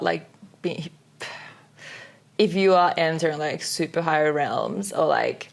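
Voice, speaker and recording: Chatty young woman, lowish voice. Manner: chatty, full of "like" fillers, giggly. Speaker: podcast co-host. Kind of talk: casual chat.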